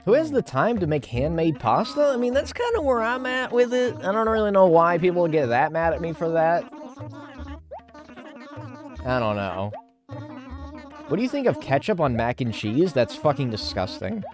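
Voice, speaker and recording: A man chatting through a game livestream, his pitch jumping all over as he reacts to chat messages. He swears casually and riffs loosely on each comment. Faint game music plays underneath. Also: very animated, normal speed, long pauses. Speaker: streamer.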